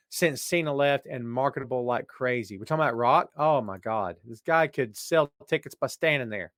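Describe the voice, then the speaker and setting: A man hosting a podcast and answering listener questions in casual, rambling chat that jumps to loud excitement. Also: medium pitch, dry recording, clean studio sound. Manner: animated, jumps to shouting when excited; rambling, frequent restarts.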